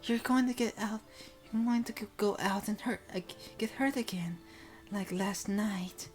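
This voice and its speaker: A man voicing an anxious, formal younger sister with a soft, pleading manner. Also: sits high, a little slow, soft background music, pitched above the performer's own voice. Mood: worried pleading.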